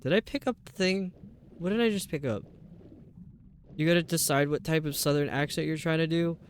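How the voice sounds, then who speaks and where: A male game streamer rambles along to his viewers while he hunts for a way through the level. His voice sits a little high for a man. A faint noise floor hums beneath him. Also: brisk. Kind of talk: casual live-stream chat while gaming.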